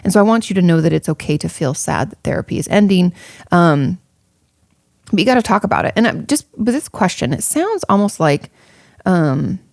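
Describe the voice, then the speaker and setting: A woman therapist in her thirties answers listener questions on her podcast in a chatty, frank, reassuring way. Her voice sits low with a gravelly fry. The sound is dry and close. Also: lively intonation, moderate pace, darkish tone, dry recording. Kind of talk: casual advice podcast.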